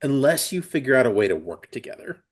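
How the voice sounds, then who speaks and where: A man's voice: medium pitch, very animated, fast talker, husky. A man in his forties, a comics creator, talking casually and rambling through restarts as an interview guest. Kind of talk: casual conversation.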